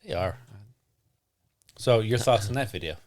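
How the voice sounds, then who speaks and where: A man's voice: lowish voice, animated, unhurried, a little mellow. A man hosting a podcast, chatting casually and reading sighting accounts aloud with frequent restarts. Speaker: podcast host.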